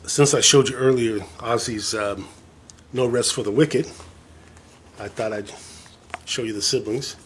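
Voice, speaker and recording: A man with a lowish voice talks to his viewers in a loose, rambling vlog style. He sounds eager and pokes fun at himself. A faint hiss of noise sits under the recording. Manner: rambling, enthusiastic, self-deprecating. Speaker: vlogger showing his record collection. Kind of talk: casual chat to camera.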